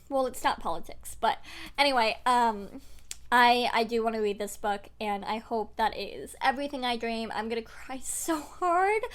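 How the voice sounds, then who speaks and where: A woman's voice: on the high side, smooth. A young woman vlogging about books at home into a desk microphone, rambling and chatty with many fillers. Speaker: book vlogger. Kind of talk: casual to-camera chat.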